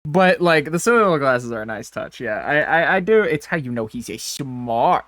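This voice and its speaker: A man's voice: a little high, animated, moderate pace, a bit bright, no echo, studio quality. A man co-hosting a podcast in casual chat, rambling and swearing, often breaking off and restarting his sentences. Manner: rambling, profane, self-interrupting. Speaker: podcast co-host.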